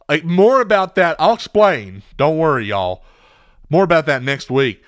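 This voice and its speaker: A man's voice: on the high side, sing-song, normal speed, no room sound, studio quality. A man hosting a radio show in scripted comedic banter, emotional and rambling, with frequent sighs and repeated words.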